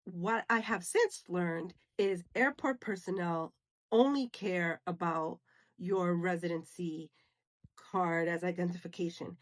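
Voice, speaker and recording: A middle-aged American woman vlogger with a lowish voice tells a story to the camera, casual and animated, acting out the dialogue and dropping in Spanish phrases.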